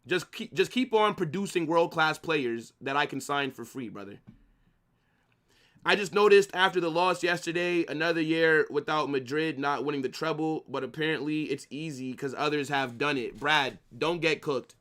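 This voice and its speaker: A cocky man hosts a live football watch-along and spars with his viewers through the whole stream, swearing often and calling everyone bro. His voice sits a little high and comes across bright and forceful on a streaming mic. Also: moderate pace. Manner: brash, trash-talking, swears a lot, calls chat "bro" and "brother". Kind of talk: live match watch-along, arguing with chat.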